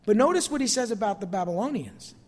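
A man preaching a sermon as pastor, expressive and calling out to his congregation for amens. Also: high-pitched, fast talker, in a large hall.

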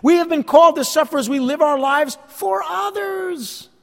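A pastor preaching a sermon, telling stories about himself with self-deprecating humor. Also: male voice, very high-pitched, moderate pace, creaky, long reverb tail.

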